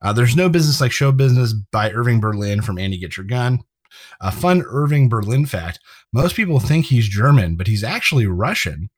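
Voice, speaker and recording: A man's voice: mid-range voice, expressive, a little fast, husky, no echo. A man co-hosting a casual chat, recapping an episode and sharing trivia, often laughing as he talks. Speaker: podcast co-host.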